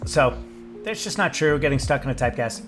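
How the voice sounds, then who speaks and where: A young livestreamer with a mid-range voice sounds expressive and talks a little fast, with music in the background. He chats loosely through viewer comments, rambling with plenty of fillers and restarts.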